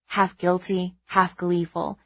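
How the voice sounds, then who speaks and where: A young adult woman narrating a first-person audiobook in a measured, wry, conversational way. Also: lowish voice, little pitch movement, highs cut off.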